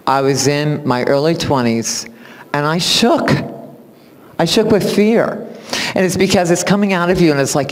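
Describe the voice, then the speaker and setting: A man, a music teacher, giving a spoken introduction at a recital in animated storytelling fashion, acting out what people said and laughing often. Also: fairly high pitch. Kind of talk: spoken tribute speech at a recital. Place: recital hall. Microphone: far camera. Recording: long hall reverb from a camera.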